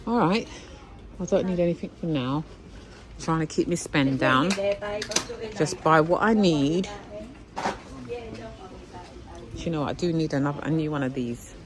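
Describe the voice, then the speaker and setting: A woman's voice: sits low, animated, measured pace, pauses often, a crowd in the background, rough recording. A woman chatting to viewers about what she finds while shopping, exclamatory and talkative. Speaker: vlogger. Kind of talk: casual shopping vlog chat. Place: indoor shop.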